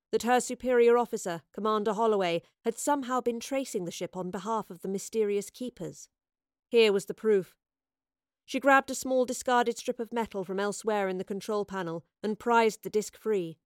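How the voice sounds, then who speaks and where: Woman narrating an audiobook, measured and expressive. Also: medium pitch, no echo, studio quality. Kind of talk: scripted story narration.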